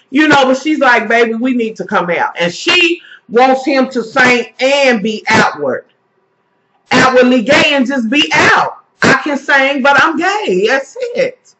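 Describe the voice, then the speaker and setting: Her voice a little high and a bit bright, a woman vlogger gives an indignant, heavily profane recap of a TV episode. She chats casually to viewers she calls "y'all," captured on a dull lo-fi recording.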